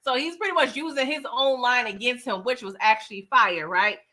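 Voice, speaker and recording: A woman's voice: on the high side, a little fast, sharp tone. A woman recapping a film in a casual, slangy way, often tagging lines with "okay?" and "right?". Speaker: movie reviewer.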